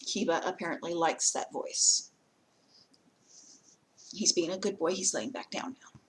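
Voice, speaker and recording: A woman vlogging in a casual talk to camera, plainspoken and earnest, giving direct advice with frequent pauses. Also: fairly low pitch, animated, poor audio.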